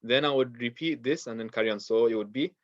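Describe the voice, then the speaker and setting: Male recitation teacher: steady, repeats each step, mid pitch, dry and slightly muffled audio. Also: fast talker, no echo. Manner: patient, repeats steps, recites verses in Arabic. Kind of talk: online class lesson.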